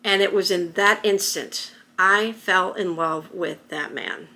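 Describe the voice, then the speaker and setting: A woman's voice: medium pitch, slow, sharp tone. A middle-aged woman vlogging to camera, telling a personal story in a rambling, emotional way with many restarts. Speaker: YouTuber.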